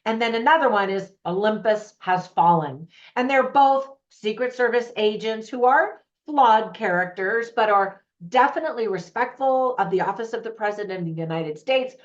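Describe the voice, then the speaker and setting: A woman's voice: medium pitch, expressive, normal speed. A woman hosting her own movie review channel, chatting to camera with opinionated, laughing asides. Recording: slightly dull lo-fi audio.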